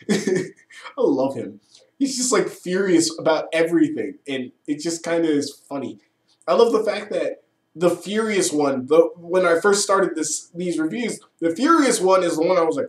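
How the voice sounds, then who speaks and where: A man's voice: a little high, lively intonation, normal speed. A man casually recapping and reviewing a show episode with enthusiasm, swearing and laughing often. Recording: echoey room.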